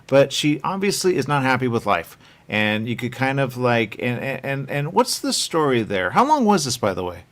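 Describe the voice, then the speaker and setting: A man's voice: medium pitch, very animated, normal speed, hardly any pauses, fairly bright tone. A man interviewing a filmmaker in a casual, rambling way, often acting out little quotes as he talks.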